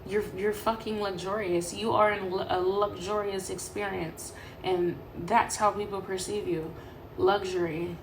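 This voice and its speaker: A woman's voice: medium pitch, measured pace, a little hiss or hum. A young woman from Sacramento giving a casual tarot reading to camera, rambling and swearing freely. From Sacramento, California. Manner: profane, animated, rambling. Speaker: tarot reader. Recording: echoey room with faint ambience.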